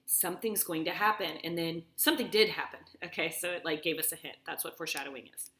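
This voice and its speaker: A woman's voice: low-pitched, fast talker, fairly bright tone. A woman teacher reading a story aloud and explaining it step by step, often checking in with "okay?". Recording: echoey room.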